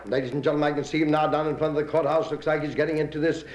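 A man doing breathless, excited mock radio commentary on a parade and rally. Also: fairly high pitch, racing, roomy sound, lo-fi sound. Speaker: comic radio announcer.

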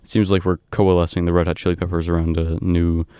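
A man working as a radio DJ, casually back-announcing songs in a halting way, with many ums and uhs. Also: low voice, flat delivery, mellow, smooth, no echo.

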